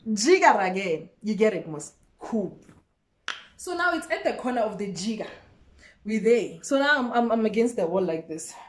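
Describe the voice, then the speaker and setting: A young South African woman telling a storytime vlog in a lively way, acting out the exchanges as she goes. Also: medium pitch, normal speed. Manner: animated, code-switching storyteller who acts out each exchange. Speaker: YouTuber.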